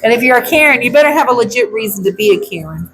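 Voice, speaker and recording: A woman's voice: fairly high pitch, animated, racing, creaky, a bit bright, slight background noise, poor audio. A woman dog groomer chatting casually as she works, blunt and opinionated. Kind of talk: casual chat while grooming.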